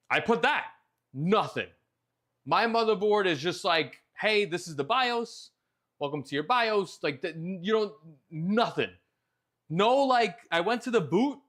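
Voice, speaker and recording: Animated swearing man telling a repair story. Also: high-pitched. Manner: animated, frequent swearing, exasperated retelling. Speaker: host. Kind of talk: casual storytelling monologue.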